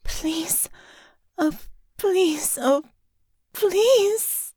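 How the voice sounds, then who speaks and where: A woman voicing a timid, eager young woman in whispered role-play, with a breathy, shaky voice. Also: sits high, takes it slowly, dry recording, voice pushed up. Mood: breathless.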